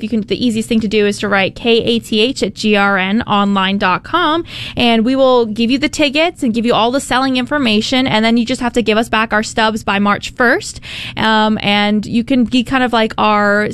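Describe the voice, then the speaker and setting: A woman's voice: fairly high pitch, a bit bright, clear, resonant tone. A woman from the radio station staff making a friendly, self-deprecating promotional update on a live show. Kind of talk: casual live radio talk. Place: radio studio. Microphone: studio microphone.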